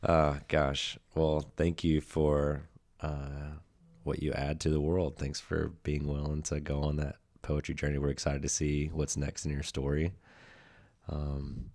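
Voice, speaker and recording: A male podcast host with an extremely deep voice and a flat, even delivery. He thinks out loud in a reflective, rambling way. He speaks casually to his guest. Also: unhurried. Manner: reflective, rambling, many fillers and restarts. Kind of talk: casual interview talk.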